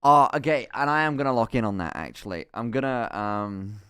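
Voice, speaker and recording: A young man streaming from home, telling a story in a casual, animated way, full of laughs, swearing and acted-out quotes. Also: medium pitch, brisk, clean tone. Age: young adult.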